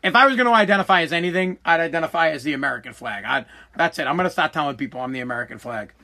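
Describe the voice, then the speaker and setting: A high-voiced man with a Boston accent rants on his podcast, loud and combative, swearing freely. His tone is bright and pushy, and he hammers his points over and over. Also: expressive, racing, creaky. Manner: loud, combative ranting with profanity. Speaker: podcast host. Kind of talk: ranting solo podcast.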